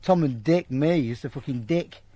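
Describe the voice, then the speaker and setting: A man telling a crude, profane anecdote in a blunt, animated way to an interviewer. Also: mid-range voice, normal speed. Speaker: storyteller. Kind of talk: casual anecdote told to an interviewer.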